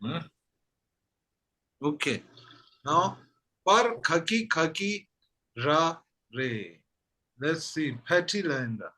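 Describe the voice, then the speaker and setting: A man teaching a language class, repeating phrases slowly and patiently. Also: on the high side, lively intonation, pushed and bright. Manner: repeats phrases slowly, says "that's it" often. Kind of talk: slow patient language lesson.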